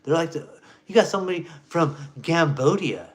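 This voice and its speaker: A man ranting to camera as a vlogger, profane and emphatic, swinging between loud jabs and low mutters. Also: lively intonation, moderate pace.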